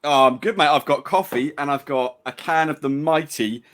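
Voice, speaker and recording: A man's voice: on the high side, normal speed, a bit bright. A young man co-hosting a podcast, rambling and easygoing, often stumbling over his words. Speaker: podcast co-host. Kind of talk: casual podcast chat.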